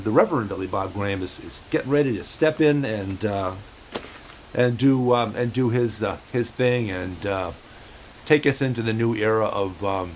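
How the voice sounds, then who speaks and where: A man hosting a home-made show in a rambling, halting way, full of fillers and restarts, passing on what his cat supposedly says. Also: lowish voice, a little hiss or hum, rough recording. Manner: halting, many fillers and restarts, relays a cat's remarks. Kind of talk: rambling casual monologue.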